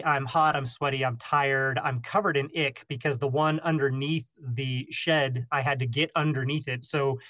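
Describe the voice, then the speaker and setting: A man, a beekeeper and podcast host, telling stories in a casual interview, animated and self-deprecating, acting out the people he quotes. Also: mid-range voice, dry recording. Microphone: remote call recording.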